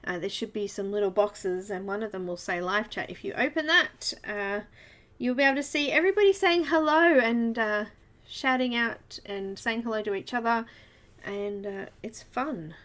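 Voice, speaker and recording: A woman's voice: a little high, normal speed, a bit bright. A woman with an Australian accent hosting a casual live coloring stream, chatty and giggly, greeting viewers one by one by name.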